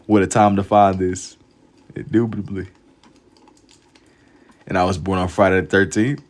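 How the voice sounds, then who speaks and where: A laid-back young man talks loosely with his live-stream chat as he draws, dropping slang between thoughts. His voice sits a little low. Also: level tone, brisk. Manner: laid-back slang-heavy banter, reads chat aloud. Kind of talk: casual live-stream chat while drawing.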